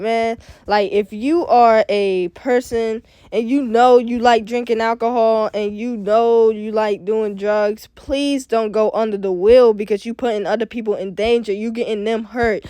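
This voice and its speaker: Young man, reaction host, slangy, emotional, higher voice, voice cracking. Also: steady tone, normal speed, few pauses, darkish tone, clear, resonant tone, no room sound. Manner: slangy, emotional, repeats "bro" and "like". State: voice cracking with sadness. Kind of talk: casual reaction commentary.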